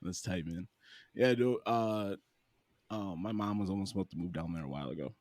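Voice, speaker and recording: A man's voice: low voice, a little fast, a little mellow, dry recording, studio quality. A man co-hosting a podcast in casual chat, laid-back and joking, swearing freely. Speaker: podcast co-host.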